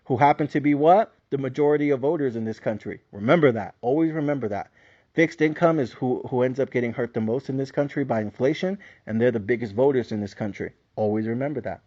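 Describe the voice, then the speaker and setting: A man's voice: medium pitch, fast, mellow, lo-fi sound. A man hosting a podcast, delivering a heated, profane solo rant on the economy. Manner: profane, heated rant with mocking put-on voices. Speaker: podcast host. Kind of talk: solo ranting commentary.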